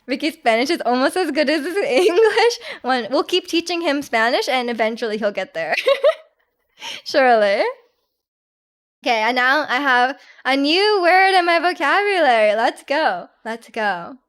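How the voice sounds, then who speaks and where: A young woman streaming live chats casually with viewers and reads their comments, giggling and restarting sentences often. Her high voice is animated and fairly bright, and she speaks a little slowly.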